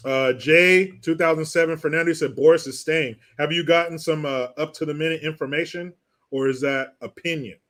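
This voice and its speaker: A man's voice: a little high, fairly even intonation, moderate pace, fairly bright tone. A man hosting a livestream, ranting about politics in blunt, profane, mocking talk and reading viewer comments. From California. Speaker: livestream host reading chat. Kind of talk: casual political rant.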